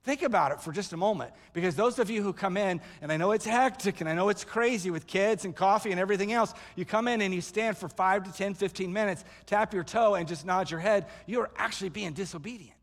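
High-voiced pastor preaching in a reverberant hall. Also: male voice, fast talker, hardly any pauses. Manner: animated storytelling, acts out voices in quotes. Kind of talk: sermon.

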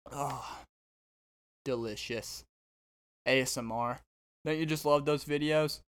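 A man's voice: on the high side, steady tone, normal speed, smooth. A man hosting his own podcast as a stand-up comedian, rambling and joking straight to his listeners. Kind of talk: casual comedic monologue.

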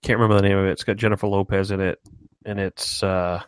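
A married man in his thirties co-hosting a podcast, relaxed and easily amused in casual chat. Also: deep voice, fast, smooth, no room sound. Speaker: podcast co-host.

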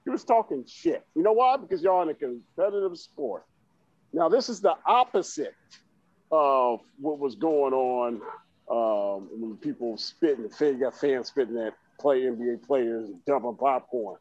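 A man co-hosting a podcast, ranting loudly and jokingly in casual chat. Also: mid-range voice, a little slow, no echo. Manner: loud, joking, puts on silly voices. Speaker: podcast co-host. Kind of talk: casual comedic podcast rant. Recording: dull lo-fi sound.

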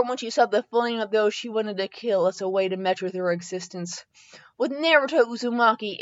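A woman's voice: mid-range voice, highs cut off. A woman host reading fan fiction aloud in a comedic dramatic style, tripping over typos and correcting herself with asides.

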